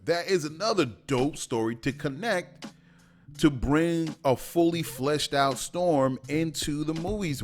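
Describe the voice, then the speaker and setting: A man hosting a podcast, giving opinionated solo commentary with many fillers and restarts. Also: mid-range voice. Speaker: podcast host.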